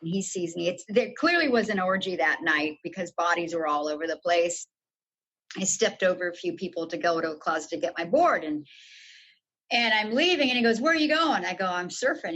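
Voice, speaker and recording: A woman's voice: on the low side, fairly bright tone, poor audio. An older woman, a podcast guest, frankly recounting her own story and acting out the dialogue she quotes. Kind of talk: candid storytelling interview.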